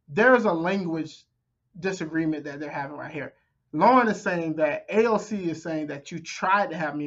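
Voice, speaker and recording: A man's voice: on the high side, fairly bright tone, lo-fi sound. A man reacting to a debate clip with casual, conversational commentary, often repeating himself for emphasis.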